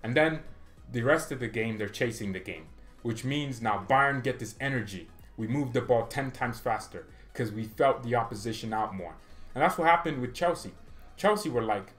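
Animated young man ranting about football. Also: medium pitch, normal speed, faint music behind. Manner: animated, opinionated, laughs often, acts out players. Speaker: football fan channel host. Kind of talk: casual opinion vlog.

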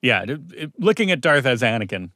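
A man's voice: medium pitch, big pitch swings, fairly quick, sharp tone, no room sound, studio quality. A man guesting on a podcast, talking in an enthusiastic, rambling way. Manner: enthusiastic, rambling, laughs often. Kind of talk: casual chat.

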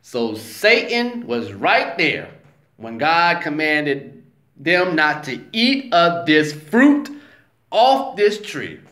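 A man talks through a scripture story in a slow, emphatic, conversational way. His pitch sits high and moves lively as he makes his points. The sound is roomy and echoey. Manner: slow, emphatic, conversational, says "you know what I'm saying". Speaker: vlogger. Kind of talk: casual religious talk. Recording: roomy echo.

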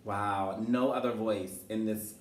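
A man's voice: fairly low pitch, steady tone, slow. A man hosting a casual chat podcast, sassy and theatrical, calling people honey and girl. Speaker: podcast host. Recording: echoey room, mic at a distance, faint hiss.

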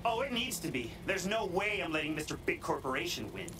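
A man's voice: fairly high pitch, animated, a little fast, background noise, lightly acted. An actor playing a brash young male punk hacker who is cocky and defiant, trash-talking his rivals. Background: loud game music.

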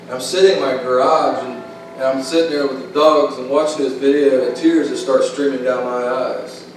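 A man's voice: medium pitch, fairly even intonation, moderate pace. A man preaching a sermon as pastor, folksy and plain-spoken, building into impassioned, repetitive calls. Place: church sanctuary. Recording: echoey room from far off, faint hiss.

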